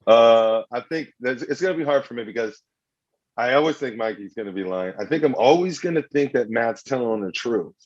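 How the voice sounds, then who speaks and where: A man hosts a casual podcast game with friends, teasing them and joking around. His voice has an everyday pitch. The recording sounds a bit dull and muffled. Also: animated, moderate pace. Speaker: podcast host. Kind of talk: casual podcast chat, running a party game.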